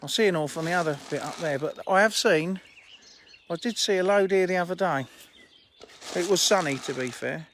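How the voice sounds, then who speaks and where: Speaking at a moderate pace in a high, slightly bright voice, this man is recorded on a handheld phone with a little hiss or hum. The fishery owner walks his lake on a live stream, chatty, blunt and laughing, with faint birdsong in the open air around him.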